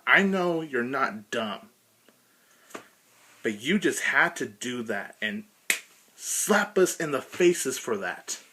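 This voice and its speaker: A man's voice: medium pitch, sing-song, slow, long pauses, bright, forceful tone, a little hiss or hum. A man ranting emphatically through a frustrated cartoon episode review.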